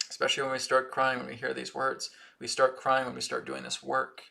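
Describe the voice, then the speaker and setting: Bright, gravelly-voiced spiritual teacher, man. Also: medium pitch, completely flat delivery, fairly quick. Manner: earnest, repetitive, frequent "right?" and "okay?"; reads viewer comments aloud from the chat. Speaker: spiritual teacher hosting a live stream. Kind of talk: live-stream spiritual teaching and Q&A.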